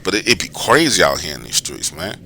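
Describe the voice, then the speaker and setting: Animated, very bright-voiced male storyteller. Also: low voice, fairly quick, gravelly, slight background noise. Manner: animated, profane, slangy, re-enacts scenes loudly. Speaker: channel host telling personal stories. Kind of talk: casual storytelling monologue.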